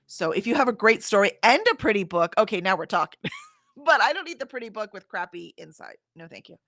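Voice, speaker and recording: A middle-aged Houston, Texas woman hosts a casual livestream, laughing and rambling through viewer comments. She speaks fairly quickly in a sing-song, medium-pitched voice that's a bit bright, with a dry recording and clean studio sound.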